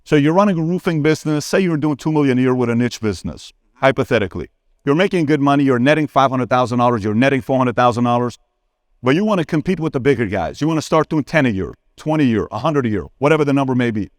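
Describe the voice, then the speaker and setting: A lively man in his forties takes an audience question at a conference, talking straight to the crowd. He tells stories with energy and acts out the people in them. His voice is mid-pitched and close, with little room sound. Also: fast talker, no room sound. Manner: animated, acts out dialogue with sudden pitch jumps; addresses crowd directly, asks for a show of hands. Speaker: conference keynote speaker. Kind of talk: live Q&A on stage, storytelling. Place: conference hall stage.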